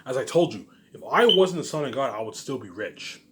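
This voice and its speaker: A man's voice: mid-range voice, sing-song, fairly quick, a bit bright, a little hiss or hum. A man vlogging from home in a rambling, boastful monologue, often repeating himself and restarting. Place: home, noise upstairs.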